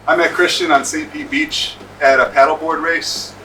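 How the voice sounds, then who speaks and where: A man casually recalling how he met his training partner, in a relaxed, halting way with many fillers. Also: a little high, slight background noise. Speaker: interviewee, paddling coach. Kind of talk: casual recollection. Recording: distant mic with faint music.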